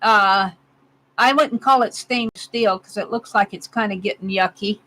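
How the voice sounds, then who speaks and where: A woman's voice: mid-range voice, moderate pace, bright, forceful tone, poor audio. A woman in her sixties hosting a casual craft livestream from her home craft room, chatting with viewers and giggling often. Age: 60s. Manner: chatty, giggly, reads out comments. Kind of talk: casual chat with live viewers.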